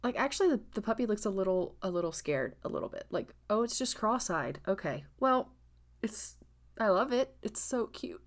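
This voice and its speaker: A woman's voice: medium pitch, sing-song, moderate pace. A woman playing a life-sim game and commenting on it in a bubbly, gushing way. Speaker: gaming channel host. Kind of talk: let's play commentary.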